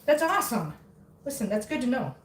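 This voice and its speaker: Fairly high-pitched with big pitch swings, this cooking vlogger speaks a little fast and sounds a bit flustered. She chats casually to her viewers and cats in an echoey home kitchen, her voice off-mic and distant amid background noise.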